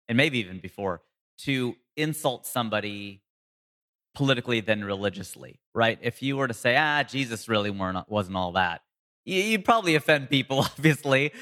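A comedian and voice actor in a casual interview, telling stories with sudden jumps in pitch for emphasis. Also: male voice, bright, forceful tone, in a large hall.

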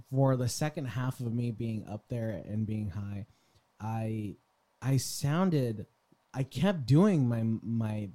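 Young man podcast co-host, middle pitch, relaxed and quick to laugh. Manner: easygoing, laughs often, trails off mid-sentence. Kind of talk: casual chat.

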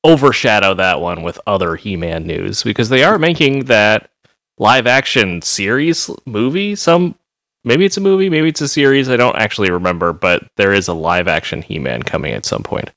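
A man's voice: lowish voice, sing-song, moderate pace, fairly bright tone, no echo. A man chatting casually on a podcast, rambling through stories and laughing often. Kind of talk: casual chat.

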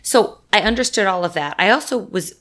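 Bright-voiced woman chatting quickly. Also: mid-range voice, lively intonation. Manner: chatty, quick, laughs often, acts out voices. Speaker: podcast co-host. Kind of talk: casual chat about baby sleep.

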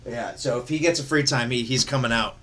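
A young man chatting casually, telling profane, animated stories with bursts of laughter. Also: mid-range voice, brisk. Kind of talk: casual chat.

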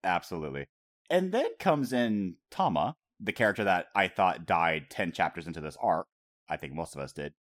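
Podcast host, man; low, animated, swears and laughs a lot. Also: moderate pace. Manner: animated, profane, laughs often, acts out quotes. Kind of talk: casual chat.

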